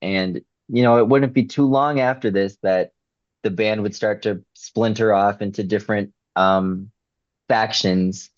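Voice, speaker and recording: A man's voice: fairly low pitch, fairly even intonation, measured pace, no room sound. A man co-hosting a music podcast, talking in a thoughtful, reflective way. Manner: thoughtful, reflective, says "you know" often. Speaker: podcast co-host. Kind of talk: casual chat. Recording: dull dry lo-fi mic.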